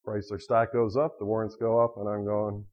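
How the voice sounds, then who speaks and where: A middle-aged man lecturing on finance to a class, telling lively anecdotes and acting out quotes, in a dull lo-fi recording. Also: fairly low pitch, moderate pace. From United States.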